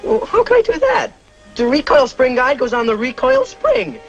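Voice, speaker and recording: An actor playing a green young Marine recruit who fumbles and talks himself through a task, in 1950s war film style. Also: male voice, very high voice, sing-song, normal speed, creaky, a bit bright, dull audio, soft background music, exaggerated voice. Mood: flustered.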